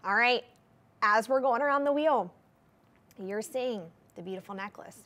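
A woman's voice: a little high, moderate pace, fairly bright tone. A woman hosting a live TV shopping show, presenting jewelry in an enthusiastic, gushing sales patter. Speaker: shopping channel host.

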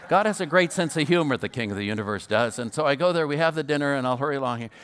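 A man's voice: mid-range voice, animated, rapid-fire, fairly bright tone, a little hiss or hum. An older man preaching a storytelling sermon, who stutters now and then and repeats his words. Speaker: guest preacher.

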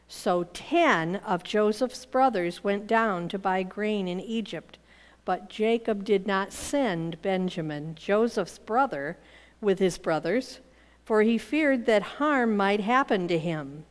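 Woman, children's Bible teacher, slow animated storytelling, reverberant room. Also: medium pitch. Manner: animated storyteller voicing characters' lines. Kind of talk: storytelling Bible lesson for kids.

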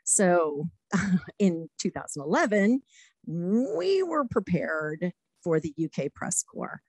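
A middle-aged woman, a former diplomat, giving a talk full of lively anecdotes and acted-out quotes. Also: lowish voice, slow pace, no room sound, low-quality recording. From United States. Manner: lively anecdotes, acts out quotes, laughs often. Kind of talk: storytelling talk.

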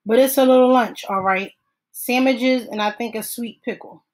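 Huge gentle man, thick and tear-choked, read by a woman for an audiobook. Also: a little high, normal speed, natural voice. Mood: tearful, meek.

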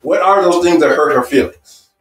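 A man's voice: fairly high pitch, normal speed, reverberant, recorded from a distance, faint music behind, low-quality recording. A man teaching a marriage seminar in an emphatic, repetitive way, building points with personal stories. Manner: emphatic and repetitive, stacking phrases. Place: seminar room.

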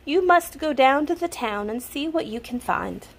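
A kind old village witch, as a woman reads her aloud, gentle and motherly in a storybook. She speaks soothingly and slips in Italian words, her voice high and lively with a wide rise and fall. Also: normal speed, slight background noise.

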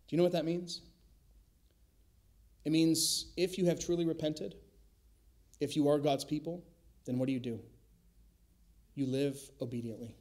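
A man's voice: on the high side, steady tone. Emphatic man preaching a sermon. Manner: emphatic, slows and drops to a hush for key words. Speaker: pastor. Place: church sanctuary.

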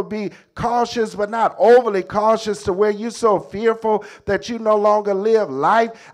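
A middle-aged man preaching a sermon as a bishop, emphatic, repeating his phrases and calling out "come on". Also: sits high.

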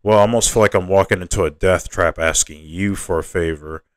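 A man reading aloud and voicing a feisty, sharp-tongued young woman who snaps back at others, his voice lifted a little above his narration. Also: low voice, fairly quick, no room sound, natural voice. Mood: grudging.

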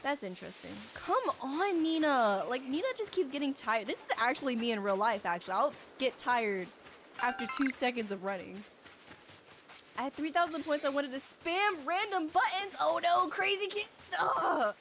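A woman's voice: sits high, sing-song, moderate pace, fairly bright tone, slight background noise. A young woman streaming a game live, chatting playfully with her chat and bursting into squeals.

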